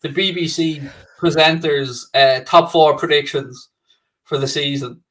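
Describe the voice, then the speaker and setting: A man's voice: on the high side, steady tone, unhurried, fairly bright tone. A man co-hosting a casual football podcast, teasing the others and laughing. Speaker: podcast co-host.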